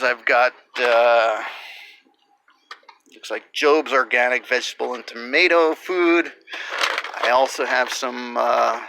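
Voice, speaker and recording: A man with a very bright, forceful voice chats casually about his plants in a home gardening vlog. He talks in a halting, rambling way, full of "uh"s and restarts, recorded outdoors on a small deck through a camera mic. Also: mid-range voice, a little hiss or hum. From New Jersey.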